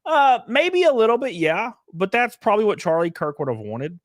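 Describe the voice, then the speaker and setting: Animated man riffing on a livestream. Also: high voice, normal speed, no echo, studio quality. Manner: animated, swears freely, reads chat messages aloud and reacts. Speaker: streamer reading live chat. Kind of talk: casual livestream commentary.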